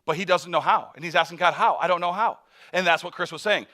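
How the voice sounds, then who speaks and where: Guy preaching and telling stories, acts out voices, laughs a lot, bright tone. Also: sits high, fast talker. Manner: animated storyteller, acts out voices, laughs often. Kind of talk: sermon storytelling.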